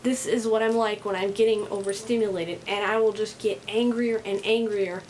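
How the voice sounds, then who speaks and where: A woman vlogging to camera while overstimulated, talking louder than usual in a rambling way that sounds angry and on edge. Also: medium pitch, fairly even intonation, normal speed, low-quality recording. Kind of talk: casual vlog monologue to camera.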